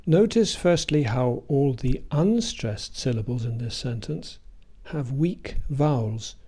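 A man giving a scripted pronunciation lesson, speaking carefully and deliberately with example sentences. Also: mid-range voice, animated, mellow, slightly rough. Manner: slow, careful, deliberate delivery with spoken examples. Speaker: pronunciation teacher. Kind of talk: scripted instructional narration.

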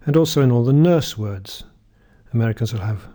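A man teaching English pronunciation, reading word lists slowly and clearly and asking the listener to repeat. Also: mid-range voice, expressive, dark tone. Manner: reads word lists slowly, often drawing words out, with "uh" fillers between them. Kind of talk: slow, deliberate pronunciation drill.

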